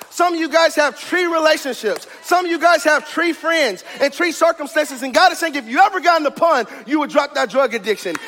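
A man preaching a sermon as pastor of his church, in a fiery, rhythmic style that builds to shouted climaxes. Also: very high voice, in a large hall. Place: church sanctuary.

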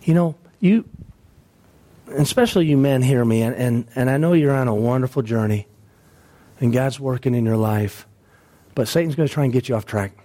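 A male pastor preaching a sermon, telling a story emphatically, repeating phrases and dropping his voice low and soft at the sad parts. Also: moderate pace, pauses often.

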